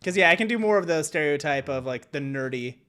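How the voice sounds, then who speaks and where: A man's voice: on the high side, lively intonation, fairly quick, a bit bright, clean tone. A man streaming a game, musing casually in a rambling way full of fillers. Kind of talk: casual chat.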